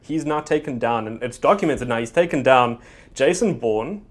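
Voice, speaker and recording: A man's voice: mid-range voice, expressive, normal speed. A man hosting an interview, an enthusiastic fan who asks long, rambling questions full of restarts. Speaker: interviewer host. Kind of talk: casual interview chat.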